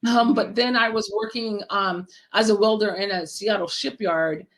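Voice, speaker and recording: A woman telling a lively personal story as a podcast guest, swearing freely and acting out what people said. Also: medium pitch, moderate pace. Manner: animated, profane, acts out quoted dialogue. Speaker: guest, horror writer and event creator. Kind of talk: casual storytelling in a podcast interview.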